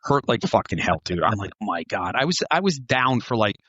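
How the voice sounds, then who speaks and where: A man's voice: mid-range voice, big pitch swings, fairly quick, a bit bright, husky, dry recording, muffled recording. A man, a former police officer, telling stories in a rambling casual chat, swearing and saying "like" and "dude" a lot.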